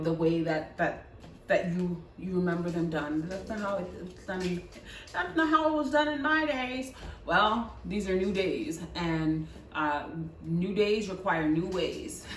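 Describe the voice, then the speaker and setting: A woman's voice: on the low side, slight background noise. Chatty woman giving a tarot reading. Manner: chatty, repeats words, coaxing with "right?". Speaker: tarot reader. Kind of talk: pick-a-card tarot reading. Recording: echoey room, mic at a distance.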